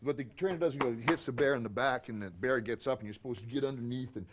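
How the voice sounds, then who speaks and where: A man as a talk show guest, telling animated stories and laughing often. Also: mid-range voice, quick pace, noisy background. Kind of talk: animated storytelling.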